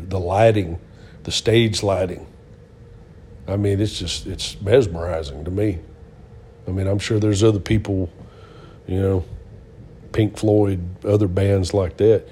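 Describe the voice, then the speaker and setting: A man's voice: on the low side, warm tone, a little hiss or hum. A middle-aged man co-hosting a Christian talk show, speaking earnestly and telling stories like a preacher, with many fillers. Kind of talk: casual testimony and storytelling.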